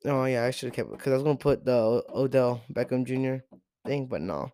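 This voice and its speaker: A man's voice: mid-range voice, fairly quick, dark tone, dry recording, studio quality. A teenage boy hosting a podcast, ranting in an exasperated, profane way with lots of repeated rhetorical questions. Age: teens. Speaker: podcast host. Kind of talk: solo sports rant.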